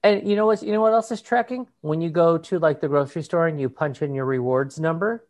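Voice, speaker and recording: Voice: mid-range voice, quick pace, a little mellow. A podcast co-host telling a story in casual chat, swearing freely, laughing often and mimicking other people's voices.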